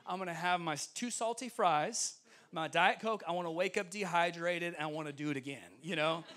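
Man, guest preacher, high voice, storytelling sermon, acts out conversations. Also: brisk. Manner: animated, acts out dialogue, laughs often. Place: church sanctuary.

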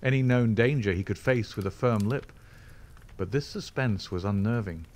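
Male narrator for a classic novel audiobook; lowish pitch, even and measured. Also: a little hiss or hum. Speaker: audiobook reader.

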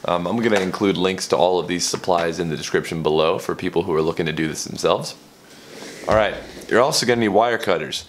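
A man's voice: low voice, quick pace, slight background noise. A man hosting his own channel, explaining how to make cables in a candid, rambling way that often corrects itself. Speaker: channel host. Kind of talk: casual DIY tutorial vlog. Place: home studio.

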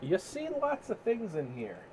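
A man narrating as game master for a tabletop role-playing session, in a casual, relaxed way with filler pauses. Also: sits high, slight background noise.

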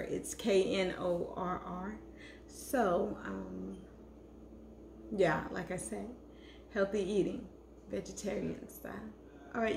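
A woman's voice: medium pitch, creaky. A woman casually chatting to her viewers in a cooking vlog, affectionate and chatty, calling them hunty. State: talking with food in her mouth. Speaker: cooking vlogger. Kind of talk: casual chat to camera. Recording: echoey room with faint noise.

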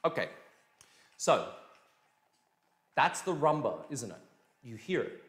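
A man gives a casual, energetic dance lesson at a middle pitch. He counts out beats and says "boom" on each one. His voice echoes around the room. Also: takes it slowly, faint music behind. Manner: energetic, demonstrates beats with sound words. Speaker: dance teacher. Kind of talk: live-streamed dance lesson, casual explaining.

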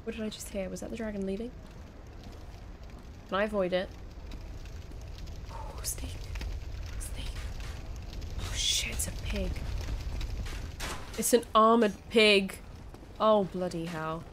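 Young woman, unhurried and chatty, voicing her reactions and talking to the enemies she fights. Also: medium pitch, steady tone, fairly bright tone, slight background noise. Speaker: gaming video creator. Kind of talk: let's play commentary.

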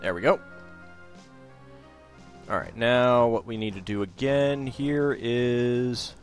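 A man hosting a let's play, thinking aloud and joking at his own expense as he plays through a game. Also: mid-range voice. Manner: chatty, thinking aloud, self-deprecating. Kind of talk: casual gameplay commentary.

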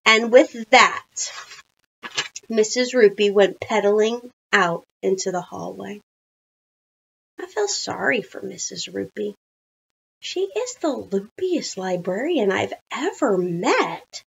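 A woman teacher reading a children's storybook aloud, with chatty, animated asides. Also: mid-range voice, takes it slowly, creaky, lo-fi sound, slight background noise.

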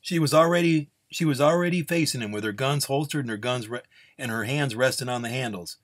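A man's voice: mid-range voice, brisk. Man reading a Western story aloud. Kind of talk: storytelling narration.

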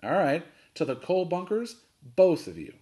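A man voicing a gruff old sea captain who bellows orders and roars at everyone. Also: a little high, very animated, unhurried, dark tone, voice pushed up. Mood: blustering. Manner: roaring, barking orders.

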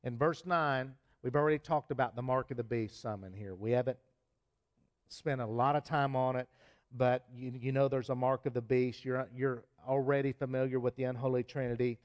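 A man preaching a sermon as pastor in a church, earnest, with many fillers and restarts, rising sharply in pitch and loudness on the points he stresses. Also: steady tone, normal speed, highs cut off. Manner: raises pitch and volume for emphasis. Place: church sanctuary.

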